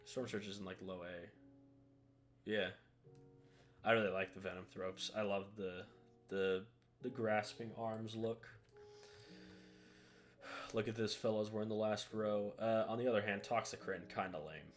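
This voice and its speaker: Low-voiced man ranking models casually. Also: unhurried, pauses often, soft background music. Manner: relaxed, offhand, says "eh" and "uh" often. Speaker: hobby video creator. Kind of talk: casual tier-list commentary.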